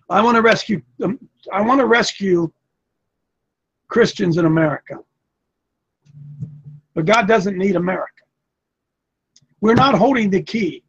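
A man's voice: high-pitched, breathy edge, lo-fi sound. A man in his sixties preaching a sermon in a folksy, repetitive, emphatic way. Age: 60s.

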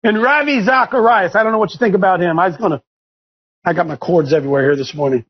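A fiery male preacher whose voice sits very high and has a husky grain. He hammers home repeated phrases and climbs into shouts. The recording sounds dull and lo-fi. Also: fast.

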